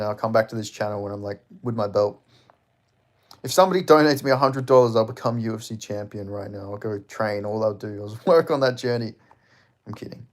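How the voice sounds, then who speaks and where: A male Australian livestream host with a mid-pitched voice chats casually and reads viewer comments. He's loose and jokey, swears often, and laughs between lines.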